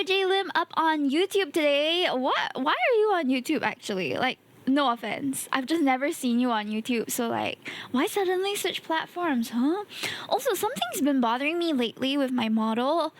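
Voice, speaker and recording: A woman's voice: sits high, big pitch swings, normal speed, few pauses, a bit bright. A young woman with a Singaporean English accent, chatting casually on her live stream as a VTuber, exclaiming often and laughing easily, a bit tired today.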